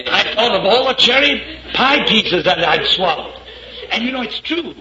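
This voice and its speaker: High-voiced animated preacher in echoey hall. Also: male voice, normal speed, crowd noise. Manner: animated storyteller, drops into French and acted voices. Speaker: minister. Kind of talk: storytelling sermon. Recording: echoey lo-fi hall recording with audience.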